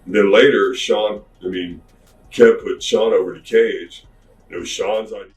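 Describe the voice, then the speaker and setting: A man casually telling an anecdote as a podcast guest, slangy and animated, recorded from a distance in an echoey room. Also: on the low side, measured pace, faint music behind. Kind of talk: storytelling anecdote.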